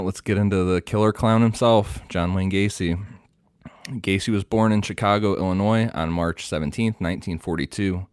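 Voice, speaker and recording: A man co-hosting a podcast, reading his prepared research notes in a steady, matter-of-fact way. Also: deep voice, clear, resonant tone, no echo, clean studio sound.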